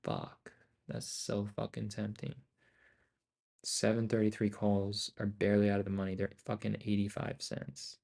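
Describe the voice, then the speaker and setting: A young man with a somewhat low voice talks through a live trading session. He speaks in loose, profane, excitable bursts and mutters to himself between thoughts. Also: normal speed, gravelly. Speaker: day trader streaming live.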